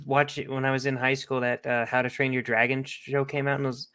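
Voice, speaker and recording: A man in casual podcast chat, telling stories in an animated way and laughing easily. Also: medium pitch, clean tone. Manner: animated storyteller, quick to laugh. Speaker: podcast co-host.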